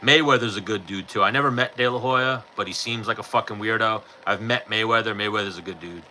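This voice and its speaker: Host, thirties; lowish, piercingly bright voice, blunt and profane, faint hiss behind. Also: male voice, fast, low-quality recording. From New York. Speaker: podcast host answering live chat. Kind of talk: casual chat.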